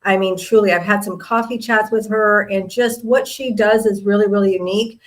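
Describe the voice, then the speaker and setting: A middle-aged woman hosting a live online interview over a video call. Her voice sits at a typical pitch, and her talk is chatty and gushing with praise. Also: fairly even intonation, normal speed, low-quality recording. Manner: effusive, full of praise, chatty. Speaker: host.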